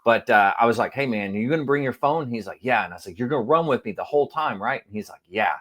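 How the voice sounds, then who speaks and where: A man telling a long funny story in casual chat as a podcast co-host, acting out quotes with sudden jumps in voice. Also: fast talker. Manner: animated, acts out quotes with big pitch jumps.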